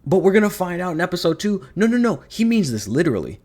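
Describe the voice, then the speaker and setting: A man's voice: sits high, very animated, quick pace, darkish tone. Sarcastic, profane male reviewer. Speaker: video reviewer. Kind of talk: ranting commentary.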